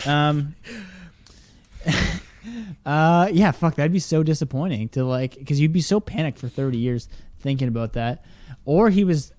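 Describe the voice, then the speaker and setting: Young male co-host, goofy riffing storyteller, medium pitch, dry close mic. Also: darkish tone, dry recording. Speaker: podcast co-host. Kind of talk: casual comedic chat.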